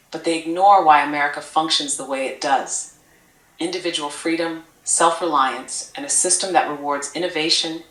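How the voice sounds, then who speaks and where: This is a computer-made woman's voice playing an affectionate AI assistant. It sits low but sounds bright and crisp. It strings its points into gentle lists, and it echoes around a room as if played through a speaker. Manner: doting, calls the listener sweetheart, measured list-like cadence. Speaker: AI chat assistant. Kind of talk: affectionate scripted-sounding replies.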